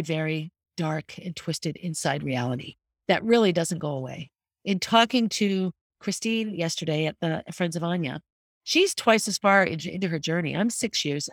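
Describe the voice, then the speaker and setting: A woman's voice: on the low side, dry recording, studio quality. Candid middle-aged woman hosting a podcast. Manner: candid and earnest, speaking openly about grief. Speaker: podcast host. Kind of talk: reflective podcast monologue.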